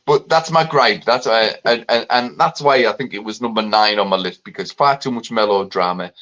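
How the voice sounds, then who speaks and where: A man co-hosting a casual chat, talking in an animated, sweary, mocking way. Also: on the low side, moderate pace. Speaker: podcast co-host. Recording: dull lo-fi sound.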